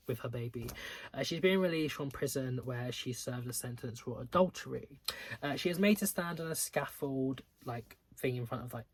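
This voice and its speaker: A young man reviewing books in a casual video, full of filler words and restarts, with exasperated, dramatic outbursts. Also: medium pitch. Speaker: book reviewer.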